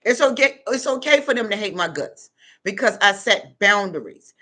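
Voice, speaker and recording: A woman's voice: mid-range voice, animated, normal speed, sharp tone. A middle-aged woman talking straight to her viewers in a casual monologue, blunt and plain-spoken with street slang. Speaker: vlogger giving life advice.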